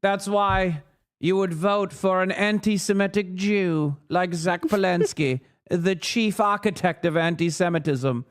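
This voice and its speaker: A man's voice: high voice, measured pace. A man putting on a prim, racist British female newsreader in a comedic impression, sarcastic and accusing. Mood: sneering. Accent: put-on British.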